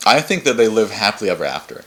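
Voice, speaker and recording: A young man with a very low, deep voice talks through a game's plot in relaxed podcast chat. He rambles, restarts his sentences often and swears casually as he goes. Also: fast. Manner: rambling, frequent restarts, loose profanity. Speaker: podcast co-host. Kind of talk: casual chat recapping a game.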